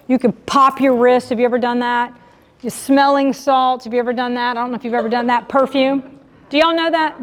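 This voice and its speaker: High-voiced woman coaching a conference crowd. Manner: animated, direct, addresses the audience as y'all. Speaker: sales coach speaking at a breakout session. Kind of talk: live motivational keynote talk. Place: large conference hall. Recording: long hall reverb from a conference room.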